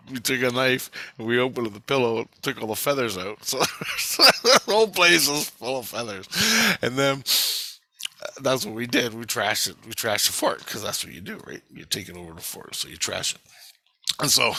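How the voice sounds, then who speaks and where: A man's voice: medium pitch, expressive, normal speed, creaky, bright, forceful tone. A middle-aged man telling a rambling, profane story from his childhood in a casual spoken way.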